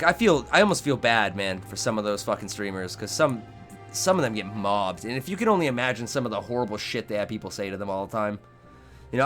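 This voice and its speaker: A man's voice: fairly low pitch, a bit bright. A young man hosting a game live stream, talking casually with his chat in a rambling, profane way.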